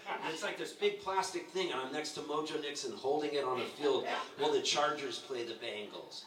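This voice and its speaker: A man's voice: on the high side, fairly quick. A man in his sixties giving a roast tribute at a bar, telling stories with laughter and acting out quotes from others. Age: 60s. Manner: animated, laughing storyteller who acts out quotes. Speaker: roast speaker. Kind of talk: storytelling tribute at a live roast. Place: bar with a live audience. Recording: echoey room, distant mic, background noise.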